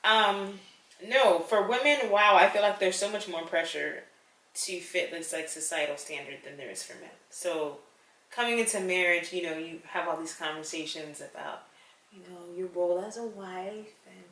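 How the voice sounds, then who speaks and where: A woman co-hosting a casual conversation, chatty and animated, laughing often. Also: fairly low pitch, moderate pace, recorded from a distance. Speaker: co-host. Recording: echoey room, a little off-mic.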